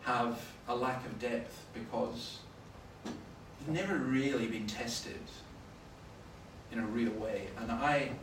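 A Scottish man preaching a sermon, telling stories with sudden loud bursts of emphasis. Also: medium pitch, takes it slowly. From Scotland. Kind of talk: sermon with anecdotes. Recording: roomy, from far off, faint noise.

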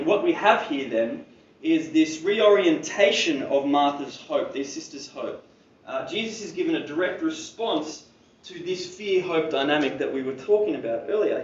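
A man's voice: fairly high pitch, a little hiss or hum. Man preaching in an echoey hall. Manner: conversational preaching with casual asides. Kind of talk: sermon. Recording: roomy, distant and dull-sounding.

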